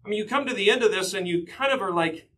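A man's voice: high-pitched, quick pace, fairly bright tone, rough recording. A man preaching a sermon, earnestly teaching from scripture and stressing his points with repetition. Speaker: pastor.

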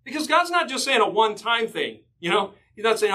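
Earnest male preacher with a high voice. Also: sing-song, brisk, pushed and bright, low-quality recording. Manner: earnest, emphatic teaching with scripture quotes. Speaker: pastor. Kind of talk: sermon.

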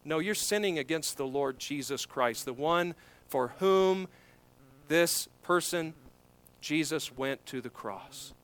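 Emphatic bright-voiced male preacher. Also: a little high, lively intonation, slow pace, clean tone. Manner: emphatic preaching, swelling louder on key points. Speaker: pastor. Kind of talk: expository sermon.

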